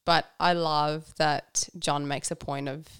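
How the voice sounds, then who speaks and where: Low, gravelly woman sharing her faith. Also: level tone, slow pace, a bit bright, dry recording, clean studio sound. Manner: candid and reflective, with frequent laughs and fillers. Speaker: guest. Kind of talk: casual conversation about faith.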